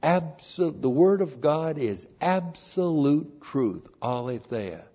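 A man's voice: a little high, animated, slow, warm tone, husky, highs cut off. A man preaching an expository sermon to his congregation, speaking emphatically, repeating key words and spelling out Greek terms letter by letter. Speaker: pastor.

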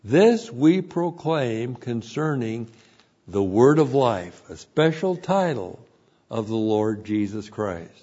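Man, Bible teacher, expository teaching, very slow pace, repeats words for emphasis, muffled lo-fi recording. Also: medium pitch, sing-song, mellow, breathy edge.

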